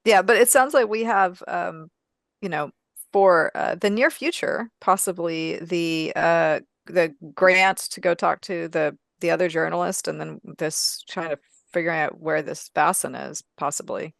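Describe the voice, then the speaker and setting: A tabletop game player talking casually and with some hesitation. The voice is gravelly and in a middle range. The sound is dry and close. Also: medium pitch, unhurried, fairly bright tone, no echo. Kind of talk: casual chat.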